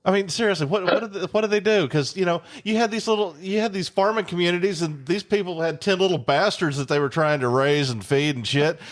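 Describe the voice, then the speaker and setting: A man's voice: high-pitched, a little fast, hardly any pauses. A man co-hosting a casual podcast chat, rambling with fillers and casual cursing. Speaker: podcast co-host.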